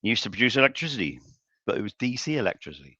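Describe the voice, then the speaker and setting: Older man, bright lively storyteller. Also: medium pitch, rapid-fire, husky, dry recording. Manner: rambling anecdotes with chuckles and frequent restarts. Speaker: woodturning live-stream host. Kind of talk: casual storytelling while working. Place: home workshop. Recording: dull lo-fi stream audio.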